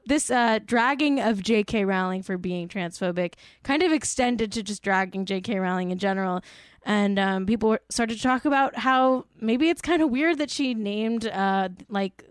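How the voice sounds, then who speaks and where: A woman's voice: mid-range voice, normal speed, smooth, no room sound, clean studio sound. A woman hosting a show, talking casually with exasperation, swearing often and filling her speech with "like". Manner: exasperated, swears a lot, many "like" fillers. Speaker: podcast host. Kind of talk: casual commentary.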